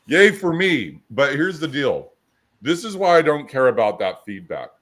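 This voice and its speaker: A man's voice: medium pitch, big pitch swings, moderate pace, fairly bright tone. A man co-hosting a coaching podcast, talking assertively in casual chat and acting out quotes in his stories. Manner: assertive, storytelling with acted-out quotes.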